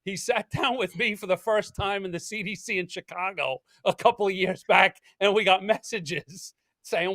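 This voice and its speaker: A man's voice: high-pitched, moderate pace, few pauses, sharp tone, no room sound. A man hosting a podcast in casual chat, upbeat and jokey, often repeating words as he starts a sentence. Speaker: podcast host.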